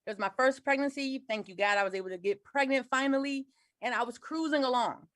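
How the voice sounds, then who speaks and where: Woman in her 40s telling her story over a video call, highish voice, dry sound. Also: quick pace, fairly bright tone, no echo. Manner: earnest, detailed storytelling. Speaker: guest sharing her story. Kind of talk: personal storytelling.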